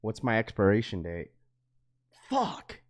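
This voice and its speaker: A young man livestreaming to his chat in a casual, slangy way, getting excited and repeating himself. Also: medium pitch, measured pace. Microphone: webcam setup.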